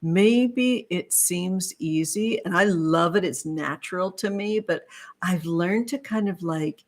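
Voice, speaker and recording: A woman runs a casual tarot livestream, reading viewer comments aloud. She gushes and sprinkles pet names everywhere, and her voice sits a touch on the low side. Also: slow pace. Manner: effusive, gushing, calls viewers sweetheart. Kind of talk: live-stream chat with viewers.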